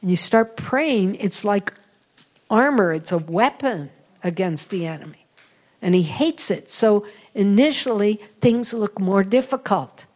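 Woman preacher type, earnest and intimate, uses hushed asides, average pitch. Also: expressive, measured pace, low-quality recording. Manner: earnest, intimate, drops to whispers for emphasis. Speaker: speaker giving a spiritual talk. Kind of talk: sermon-style personal storytelling.

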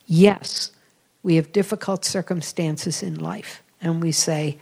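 A woman's voice: on the low side, fairly even intonation, slow pace, vocal fry, a little mellow, slightly rough, poor audio. A woman giving a spiritual talk in an earnest, intimate storytelling manner, now and then dropping to a whisper for emphasis. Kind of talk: sermon-style personal storytelling.

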